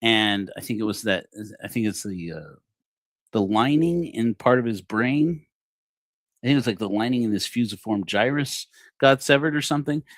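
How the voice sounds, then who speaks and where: A man's voice: medium pitch, expressive, normal speed, no echo. A man preaching a comedic, rambling sermon on a livestream, joking and self-deprecating. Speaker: preacher of a parody church.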